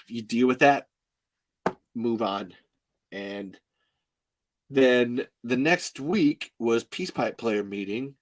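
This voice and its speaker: A man in the middle of his usual pitch range tells a story in a rambling, halting way. He sighs often and keeps stopping to restart his sentences, like someone trying hard not to cry. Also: expressive. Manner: halting, sighing, fighting back tears; many restarts and fillers, rambling. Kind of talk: casual storytelling.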